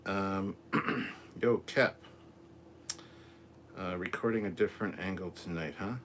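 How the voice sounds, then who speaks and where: A man with a low, deep voice chats casually on a home livestream, reading out comments with loose asides and fillers. A faint background hiss sits under the voice, picked up by a camera mic a little way off. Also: slow pace, a bit bright. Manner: rambling, easygoing, lots of fillers and asides. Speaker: livestream host reading chat. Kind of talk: casual live-stream chat. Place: home room with TV. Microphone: camera mic at a distance.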